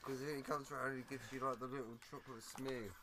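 A man's voice: medium pitch, fairly even intonation, fast talker, crowd noise. A man, a podcast guest in casual banter, dropping in offbeat remarks.

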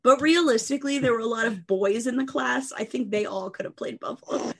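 A young woman co-hosting a casual comedy podcast, trading deadpan jokes and quick comebacks. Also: a little high, gravelly. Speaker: podcast co-host.

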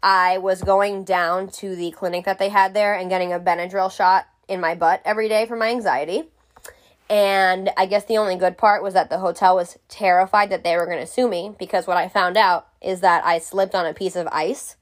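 A woman's voice: medium pitch, steady tone, moderate pace. A young woman telling a storytime vlog in a blunt, exasperated, profane way. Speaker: vlogger.

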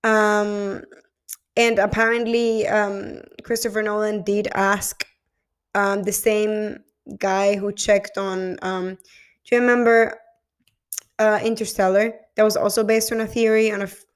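A woman's voice: medium pitch, little pitch movement, a little slow, clean tone. Rambling woman podcast host. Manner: rambling, swears casually, frequent ums and self-corrections. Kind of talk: casual solo film chat.

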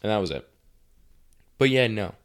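A man's voice: fairly low pitch, animated, normal speed. A young man casually telling a story as a podcast host, rambling and swearing often. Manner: rambling, profane, filler-heavy.

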